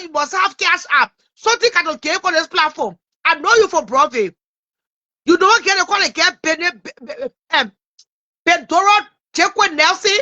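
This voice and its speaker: Very high-voiced, bright woman. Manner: animated, stumbles over names, talks to her audience. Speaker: livestream host. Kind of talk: casual livestream chat.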